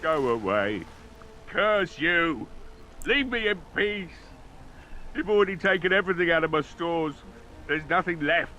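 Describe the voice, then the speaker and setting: An actor playing a weary, bitter old village blacksmith who has been drinking heavily, gruff in manner. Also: male voice, on the high side, animated, unhurried, long pauses, sharp tone, a little hiss or hum. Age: older. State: drunk. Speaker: game character.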